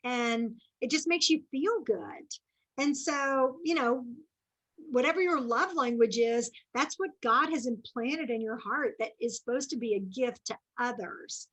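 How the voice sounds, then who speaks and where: Bright, high-voiced woman giving a chatty pep talk. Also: rough recording. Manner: chatty and earnest, with frequent asides and restarts. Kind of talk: faith-based motivational talk.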